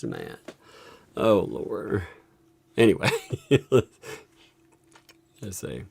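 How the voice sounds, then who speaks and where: A man's voice: a little high, big pitch swings, moderate pace, creaky. A man giving live reaction commentary, ranting with exasperation, swearing a lot and breaking into laughter often.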